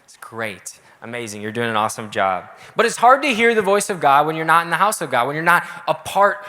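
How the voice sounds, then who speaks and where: Upbeat young youth pastor in a hall. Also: male voice, on the high side, brisk. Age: young adult. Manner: energetic, casual, audience-engaging. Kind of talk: youth sermon. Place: church auditorium. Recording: echoey hall.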